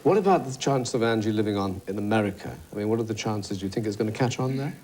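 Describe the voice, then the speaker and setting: A man hosting a television chat show, asking quick, teasing questions. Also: lowish voice, expressive, darkish tone. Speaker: talk show host. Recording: studio with music and audience.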